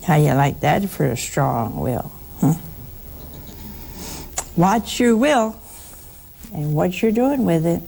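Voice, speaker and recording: A woman giving a folksy, humorous religious talk to listeners, sometimes dropping into a hushed aside. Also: on the low side, lively intonation, takes it slowly, gravelly, pauses often, slight background noise. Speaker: religious speaker. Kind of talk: conversational broadcast talk to listeners.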